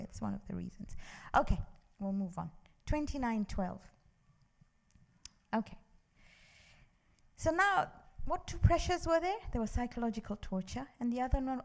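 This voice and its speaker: A woman's voice: on the high side, creaky, darkish tone. A woman teaching a Quran class in a mosque, telling stories in British-accented English and reciting Arabic verses.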